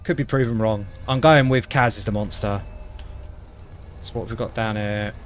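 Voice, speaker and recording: A man's voice: fairly low pitch, normal speed, soft background music. A man from Wales chatting as a gaming streamer, reacting with disgust and cracking self-deprecating jokes. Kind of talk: casual gaming commentary.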